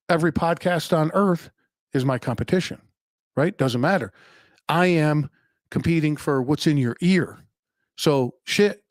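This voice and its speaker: A man in his thirties hosts a solo podcast, his voice a little high and the sound clean studio quality with no room echo. His unscripted monologue tells stories in a blunt, profane, offhand way.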